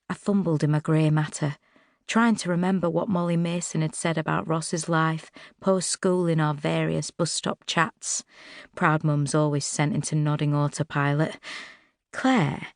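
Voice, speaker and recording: A woman narrating a first-person novel for an audiobook, expressive and wry, close to the mic. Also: low-pitched, a little slow, vocal fry, dry recording. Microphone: close studio mic.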